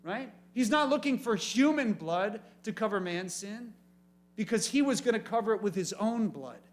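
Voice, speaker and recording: A man as youth pastor, preaching an animated sermon and asking the room questions. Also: high-pitched, normal speed. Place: church youth meeting room.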